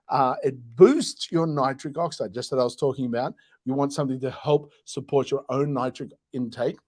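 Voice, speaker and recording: A man's voice: fairly high pitch, a little mellow. An Australian man presenting products on a casual live stream, joking, chuckling and rambling through asides.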